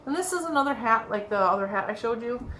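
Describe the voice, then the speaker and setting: A woman's voice: on the high side, lively intonation, fast talker, bright, forceful tone. A woman vlogger in a casual show-and-tell chat about her crochet projects, rambling and laughing often. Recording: echoey room with faint background noise.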